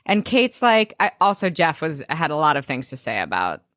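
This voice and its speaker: A woman's voice: deep voice, moderate pace, dry recording, clean studio sound. A woman co-hosting a podcast, chatting casually and playfully about a TV episode, gushing and mimicking characters. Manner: animated, gushing, playful impressions. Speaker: podcast co-host. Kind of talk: casual recap chat. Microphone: video call mic.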